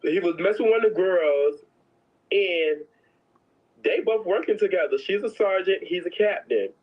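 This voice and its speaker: A woman's voice: fairly low pitch, animated, moderate pace. A woman telling prison stories in a casual, sassy, dramatic way, slipping into other people's voices. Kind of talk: casual storytelling. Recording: dull lo-fi sound.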